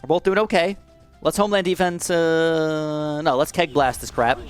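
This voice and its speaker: A young man commentating his gameplay, swinging between low mutters and high, alarmed shouts. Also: steady tone, normal speed, faint music behind. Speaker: gaming commentator.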